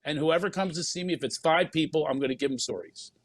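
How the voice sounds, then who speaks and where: A man, a comedian guest, telling a story in an animated way and acting out other people's lines in quick bursts. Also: on the high side, poor audio.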